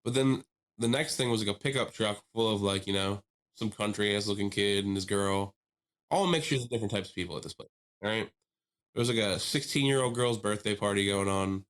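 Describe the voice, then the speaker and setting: Animated man telling a story on a podcast. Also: on the low side, brisk. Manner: animated storyteller, laughs while telling, mimics people he quotes. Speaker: podcast co-host. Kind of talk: casual storytelling chat.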